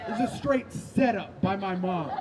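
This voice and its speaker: A man's voice: sits high, normal speed, crowd noise, low-quality recording. A young man doing a stand-up set on a rooftop in a conversational way, full of "like" and "right?". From United States. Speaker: stand-up comedian. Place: outdoor rooftop.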